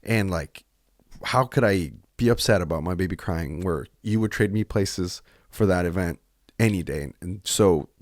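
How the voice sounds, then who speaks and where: Low-voiced earnest man, rambling. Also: a little mellow, no echo, studio quality. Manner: earnest, rambling, self-interrupting. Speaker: podcast co-host. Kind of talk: candid emotional conversation.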